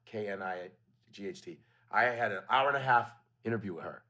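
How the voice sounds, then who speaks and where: A man's voice: on the low side, brisk, sharp tone. A man who is a comedian, guesting on a podcast and talking in a laid-back, slangy, profane way. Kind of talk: casual chat.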